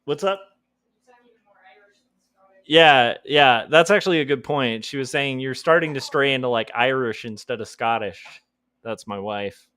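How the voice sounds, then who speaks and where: A man's voice: mid-range voice, unhurried, pauses often, sharp tone, clear, resonant tone, no echo. Rambling, joking man live-streaming. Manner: rambling, self-deprecating, joking. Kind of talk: casual livestream chat.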